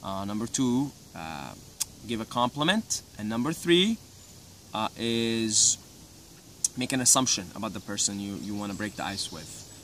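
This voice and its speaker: Laid-back young man, bright voice. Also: lowish voice, lively intonation, normal speed. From Syria. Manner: laid-back, rambling, peppered with "you know" and "right". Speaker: vlogger giving advice. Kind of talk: casual advice monologue. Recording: slightly distant mic, faint ambient noise.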